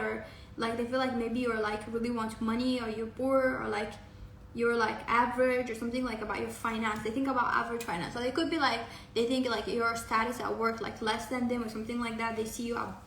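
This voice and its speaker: A woman with a high voice gives a casual tarot reading, rambling on with many fillers and the odd swear word. She sits back from the mic in an echoey room. A faint ambient hum runs underneath. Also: a bit bright, recorded from a distance. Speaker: tarot card reader. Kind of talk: casual pick-a-card reading.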